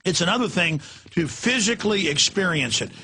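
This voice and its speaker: A man hosting a talk radio show, ranting with impassioned intensity, swinging between yelling and hushed urgency. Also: sits high, lively intonation, fairly quick, slightly rough.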